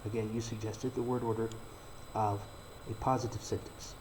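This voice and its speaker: A man giving a recorded English grammar lesson, explaining slowly and deliberately and reading out example sentences. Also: lowish voice, level tone, a little mellow, slight background noise, rough recording. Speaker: English teacher.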